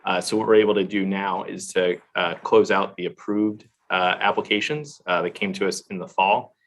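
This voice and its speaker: Over a video call, a government official testifies at a hearing, answering questions haltingly and filling gaps with frequent fillers. His voice sits low and keeps a steady tone.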